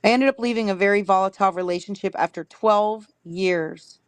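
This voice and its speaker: A woman's voice: medium pitch, fairly quick. A woman hosting a livestream, reading viewers' written stories aloud and stopping now and then to correct herself. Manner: reads steadily, stops to correct herself.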